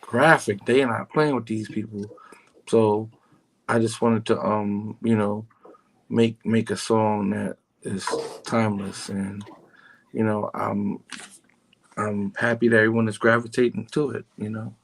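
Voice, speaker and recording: Middle-aged man, New York accent, low voice, calm and smooth, laid-back radio guest. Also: unhurried, rough recording. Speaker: guest singer and producer. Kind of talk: casual radio interview. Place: his home.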